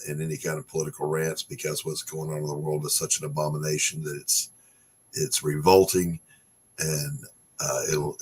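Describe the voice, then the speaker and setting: A middle-aged man hosts a podcast, chatting casually with his guests in a rambling, self-deprecating way. He has a bass voice with a fairly bright tone, recorded with slight background noise.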